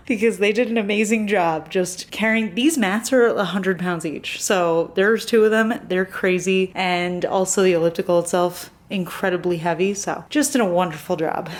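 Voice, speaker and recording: A young woman chatting casually to the camera at home in an upbeat vlog, laughing now and then. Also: mid-range voice. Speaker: vlogger. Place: new home, indoors.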